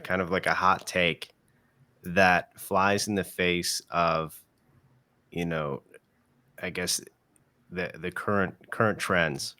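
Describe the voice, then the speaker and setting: A man hosting a podcast, asking the guest a question in a searching, halting way. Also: sits low, sharp tone, dry recording. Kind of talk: interview questions.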